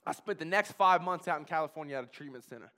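A man from Kentucky telling his recovery story as a personal testimony, emphatic and repetitive, swinging from hushed to loud. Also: a little high, quick pace. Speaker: speaker sharing a recovery testimony.

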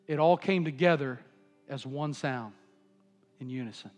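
A man's voice: mid-range voice, measured pace, darkish tone, in a large hall, soft background music. A man preaching a sermon in an impassioned, repetitive cadence. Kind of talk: Pentecostal-style sermon.

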